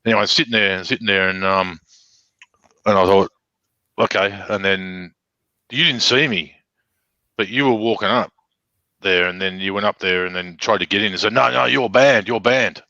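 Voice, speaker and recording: A man's voice: deep voice, steady tone, moderate pace, long pauses, bright, forceful tone, no room sound. Profane Australian man telling a story. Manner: profane, acts out quoted exchanges. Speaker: podcast guest. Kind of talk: casual storytelling. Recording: dull lo-fi dry sound.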